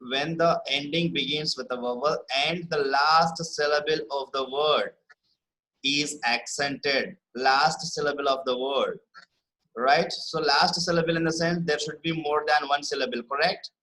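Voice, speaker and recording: A man leads a spelling lesson, repeating words slowly and asking "right?" after each point. His voice sits a little high and sounds bright and forceful. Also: fairly even intonation, poor audio. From India. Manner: explains patiently, checks understanding with "right?" and "correct?". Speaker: spelling teacher.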